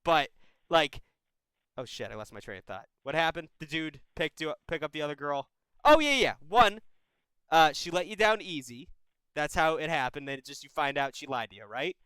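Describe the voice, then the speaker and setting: A man's voice: on the high side, animated, normal speed, sharp tone, clean tone, dry recording, poor audio. A man in his twenties hosting a call-in advice stream, giving blunt, profane, brotherly advice in casual chat. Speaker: advice show host.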